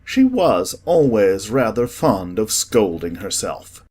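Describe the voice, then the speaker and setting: A man narrating a children's classic in a measured storytelling way for an audiobook. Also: on the low side, very animated, darkish tone, slightly rough.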